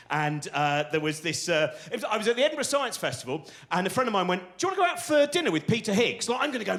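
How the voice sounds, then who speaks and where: A middle-aged English comedian rambles through a stand-up routine, restarting his sentences and running himself down. His voice sits high for a man and leaps all over the place as he tells his stories. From England. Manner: rambling, self-deprecating, animated, restarts often.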